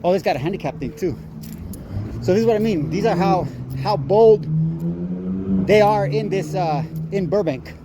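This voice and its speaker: A worn-out man rambles profanely at the passing cars, his voice sitting a little high. He spells plate numbers out slowly, with a confrontational edge. Loud street traffic runs under his phone recording. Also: expressive. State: tired. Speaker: vlogger filming cars on the street.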